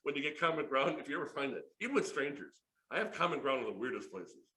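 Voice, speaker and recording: A man in his fifties presenting a sales workshop, an excitable, jokey storyteller who laughs often. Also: medium pitch, quick pace. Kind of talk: lively workshop talk with stories. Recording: echoey room.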